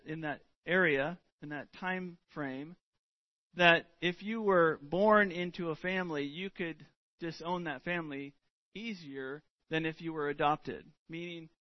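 Slow, earnest high-voiced preacher. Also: male voice, no echo, lo-fi sound. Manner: earnest, deliberate, drawn-out emphasis. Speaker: pastor. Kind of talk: sermon.

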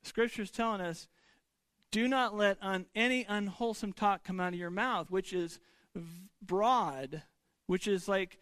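A man delivers a sermon as a pastor, his voice sitting high for a man. He talks in a loose, conversational way, stumbling and restarting, tossing rhetorical questions at his listeners. The sound is dry and close, with no room echo. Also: a little slow, fairly bright tone.

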